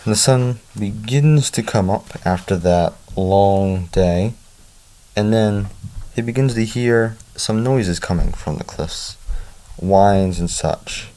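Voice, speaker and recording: A man with a very deep, dark voice recaps a story in a loose, casual way. He chats with offhand asides, talking like he is telling a friend. His tone stays relaxed and conversational. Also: takes it slowly. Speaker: book reviewer.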